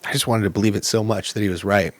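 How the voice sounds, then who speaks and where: Deep-voiced man telling his story. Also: fairly even intonation, fast talker, dry recording. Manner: earnest, reflective, plainspoken. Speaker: podcast guest. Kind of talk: candid personal storytelling.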